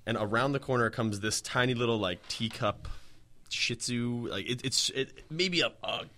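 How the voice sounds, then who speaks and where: A man co-hosting a casual podcast, joking and telling animated stories with frequent laughs. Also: mid-range voice, normal speed. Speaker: podcast co-host.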